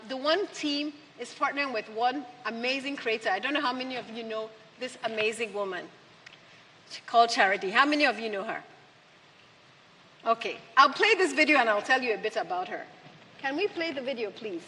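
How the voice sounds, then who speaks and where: A woman's voice: high-pitched, bright, forceful tone, a little hiss or hum. A woman giving a speech to an audience, emphatic and full of rhetorical questions. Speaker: conference speaker. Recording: long hall reverb.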